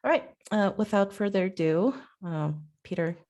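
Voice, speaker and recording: A woman's voice: mid-range voice, lively intonation, normal speed, a little mellow. A woman hosting an online talk on a video call, introducing the speaker and stumbling over her words at times.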